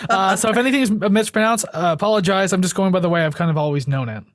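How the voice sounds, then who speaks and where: A man's voice: sits high, fast, no echo, studio quality. A young man co-hosting a music podcast, enthusiastic and rambling, saying "like" a lot. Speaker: podcast co-host. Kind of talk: casual chat.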